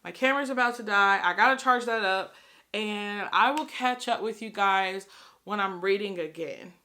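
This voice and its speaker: A woman's voice: mid-range voice, moderate pace, sharp tone. A woman vlogging casually about a book she is reading, chatty and gushing, rambling and laughing often. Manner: rambling with fillers and restarts. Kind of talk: casual reading vlog chat.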